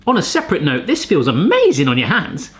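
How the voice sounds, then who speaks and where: A man's voice: fairly high pitch, wildly swooping pitch, fairly quick, very noisy. A man hosting a casual gadget-testing vlog in a home kitchen, chatty and fond of puns. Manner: jokey, pun-loving, chatty. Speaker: cooking channel host.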